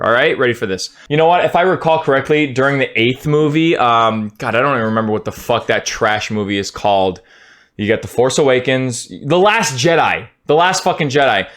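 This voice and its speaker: A man streamer ranting his opinion in a casual, profane, heated way, at times breaking into shouts. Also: medium pitch, fairly quick.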